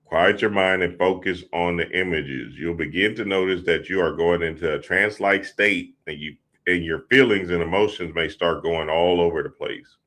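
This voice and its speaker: A man's voice: low-pitched, normal speed, hardly any pauses, a bit bright. A man hosting a spiritual talk show, mixing teaching with laid-back, laughing, slangy asides.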